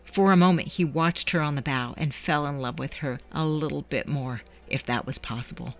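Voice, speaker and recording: A woman host reading a scripted story narration in a measured storytelling manner. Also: sits low, no echo.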